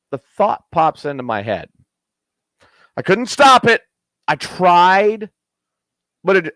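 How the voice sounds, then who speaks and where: A man hosts a late-night show in a casual, crude, rambling way. His voice sits a bit high and leaps around a lot as he gets excited. The sound is dry and close, with no room echo. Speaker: host.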